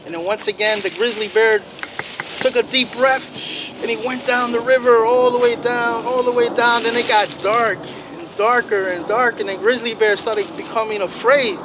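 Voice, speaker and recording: High-voiced man telling a story outdoors. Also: moderate pace. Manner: animated, playful, chatting with listeners. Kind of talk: traditional storytelling to a group. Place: outdoors by a road. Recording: loud outdoor traffic noise. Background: traffic noise.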